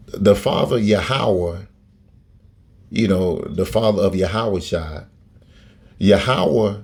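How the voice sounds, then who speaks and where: Rambling low-voiced man giving commentary. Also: darkish tone. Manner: rambling, hesitant, preachy. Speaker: video commentator. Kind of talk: casual commentary.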